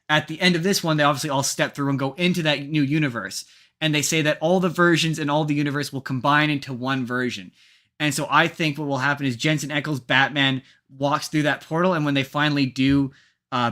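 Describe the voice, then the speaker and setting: A man's voice: mid-range voice, sharp tone. A man hosting a podcast in casual chat, rambling and restarting his sentences often. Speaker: podcast host.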